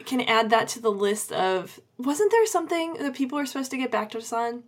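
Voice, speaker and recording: A woman's voice: a little high, expressive, fairly quick. A woman co-hosting a podcast, chatting casually with frequent laughter and trailing fillers. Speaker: podcast co-host. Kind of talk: casual chat.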